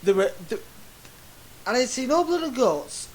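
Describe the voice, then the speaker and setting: A man's voice: extremely high pitch, big pitch swings, measured pace, rough recording. A man ranting in exasperation over a game, stammering as he goes. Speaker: gamer. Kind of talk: game commentary rant.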